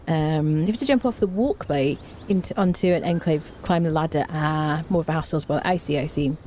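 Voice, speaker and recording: There's a faint hiss or hum as a woman plays a survival game on stream, chatting easily with viewers. She hums and sings snippets of tunes, and she's excitable, her pitch quickly shooting upward.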